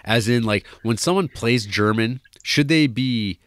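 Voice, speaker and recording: A man with a medium-pitched voice co-hosts a podcast, speaking a little slowly in a rambling, casual film review chat packed with fillers and restarts. It's clean studio sound with no echo.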